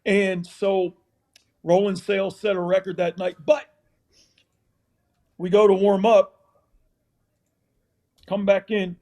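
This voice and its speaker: Older man, high gravelly storyteller. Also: takes it slowly, long pauses. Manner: animated storyteller, acts out scenes. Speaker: former college football assistant coach, guest. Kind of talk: casual anecdotal storytelling.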